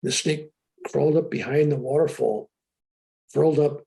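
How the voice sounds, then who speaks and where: An older man telling a story with animated excitement as an interview guest on a video call. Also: fairly high pitch, normal speed, creaky. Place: room with a sheetrock wall.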